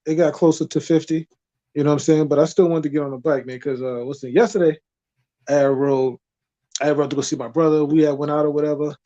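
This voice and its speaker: A man joining a livestream as a guest, chatting casually with animated, slangy storytelling. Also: fairly high pitch, quick pace, dull audio. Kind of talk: casual chat.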